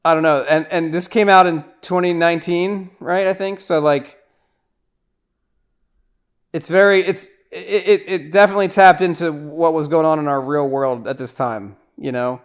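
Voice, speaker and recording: A man's voice: a little high, normal speed, clean tone. A man hosting a podcast, casually recapping a horror movie scene by scene, with lots of restarts and repeated words. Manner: grows loud and excited at gory scenes. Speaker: podcast host.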